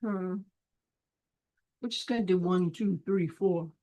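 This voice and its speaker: A woman's voice: on the low side, takes it slowly, dark tone, low-quality recording. A woman organizing a film event, thinking aloud as she works and mumbling half-finished counts to herself. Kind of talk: thinking aloud while working.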